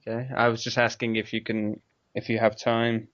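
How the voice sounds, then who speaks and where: A man's voice: mid-range voice, completely flat delivery, normal speed, a bit bright, dry recording. A man with an English accent hosting a casual podcast chat, rambling and laughing often. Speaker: podcast host. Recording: dry, dull lo-fi mic.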